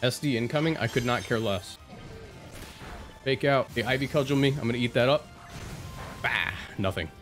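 A man giving jokey, excitable live commentary over his own gameplay, talking back at his opponents. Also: medium pitch, fairly quick, pauses often, faint music behind. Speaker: video game streamer.

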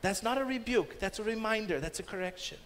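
A man's voice: high-pitched, animated, quick pace, fairly bright tone, a little hiss or hum. A man preaching a sermon as pastor, emphatic and rising sharply when he voices commands. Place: church. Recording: long reverb of a church hall.

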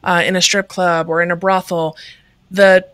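A woman's voice: lowish voice, little pitch movement, normal speed, fairly bright tone, no echo. A woman guest on a video-call interview, talking earnestly and conversationally with many fillers. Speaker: guest, ministry leader.

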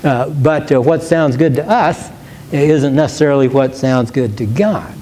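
A man teaching as a pastor in a church, earnest and emphatic, slowing down to stress key words and often restarting his phrases. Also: mid-range voice, mellow. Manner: repeats and restarts words while thinking. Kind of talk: question-and-answer teaching.

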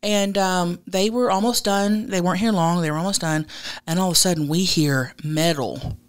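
A woman co-hosts a casual podcast chat in a voice sitting on the low side for a woman. She tells her stories animatedly, with casual swearing and slangy asides. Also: moderate pace, clean tone. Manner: animated storyteller, swearing, says dude. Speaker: podcast co-host.

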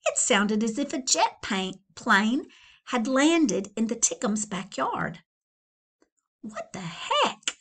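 Slow, lively woman reading a story aloud. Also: fairly high pitch. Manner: slow, animated, with chatty asides to young listeners. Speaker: school librarian. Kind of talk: reading a children's novel aloud.

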